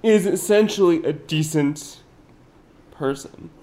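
A man co-hosting a casual podcast about old films, talking in an animated, chatty way with lots of fillers. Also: fairly high pitch, slow. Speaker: podcast co-host. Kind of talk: casual film discussion. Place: indoor podcast recording.

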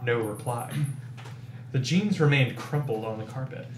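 A man, a guest on a podcast, reading a children's horror book aloud and overacting the shouted dialogue. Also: mid-range voice, unhurried, a little hiss or hum. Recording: echoey room.

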